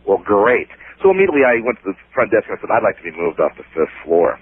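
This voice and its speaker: A male caller telling a ghost story over the phone, animated and acting out what people said. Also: lowish voice, quick pace, slight background noise. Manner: animated storyteller, acts out dialogue. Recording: husky tinny phone line.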